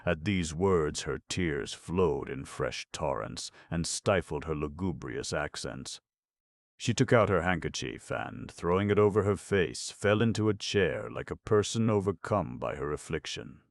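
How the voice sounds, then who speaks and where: A man narrates a classic novel in measured, expressive storytelling. His voice sits extremely low with a gravelly edge. The recording is close and dry. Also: no room sound. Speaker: audiobook narrator.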